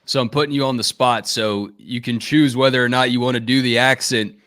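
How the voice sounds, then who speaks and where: A man's voice: mid-range voice, fairly even intonation, fairly quick, fairly bright tone, no room sound. A male interviewer with a mid-range voice, recorded close and dry with no room sound. He shares his own stories before asking long, easygoing questions. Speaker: interviewer, host. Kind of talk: conversational interview.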